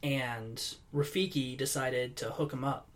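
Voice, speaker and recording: A man in casual chat, telling stories in an animated way and laughing easily. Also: medium pitch, unhurried, slight background noise.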